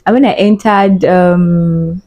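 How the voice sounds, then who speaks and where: A woman's voice: fairly low pitch, steady tone, slow pace, warm tone. A young woman, a podcast guest chatting and telling stories casually. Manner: chatty storyteller. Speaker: podcast guest, event host. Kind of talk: casual chat.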